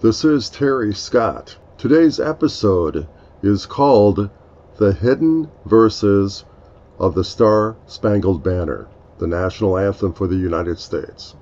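A man with a lowish voice hosts a reflective devotional talk. He speaks very slowly and earnestly and explains each point with care. The sound is dull and lo-fi. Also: expressive, darkish tone. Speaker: podcast host.

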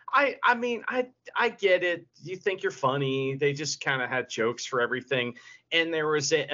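A man co-hosts a casual podcast, spinning stories with lots of laughter and cursing. His voice sits a bit high and is bright, with a very lively, swooping delivery. The audio is somewhat dull and lo-fi. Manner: animated, laughs often, swears freely. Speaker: podcast co-host. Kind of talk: casual chat, storytelling.

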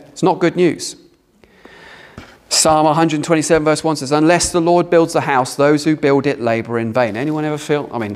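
A British man preaching a sermon in a conversational way, asking the congregation questions. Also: mid-range voice. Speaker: pastor. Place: church hall with a congregation.

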